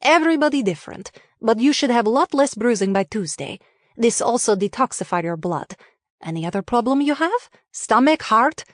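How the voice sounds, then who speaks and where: A woman's voice: on the high side, expressive, normal speed, no echo, studio quality, lightly acted. A woman voicing a matter-of-fact Russian-accented female leech healer who speaks broken English, within a memoir audiobook.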